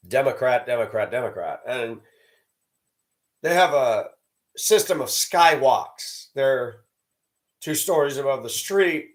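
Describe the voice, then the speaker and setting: A man from the American South delivering a sarcastic, judgmental ranting monologue to his channel. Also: medium pitch. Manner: sarcastic, judgmental, emphatic repetition. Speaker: channel host.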